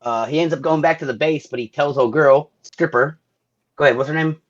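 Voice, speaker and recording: A man's voice: on the high side, fairly quick, dull audio. A man co-hosting a podcast, joking around in crude casual banter about a film. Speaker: podcast co-host. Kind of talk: casual chat.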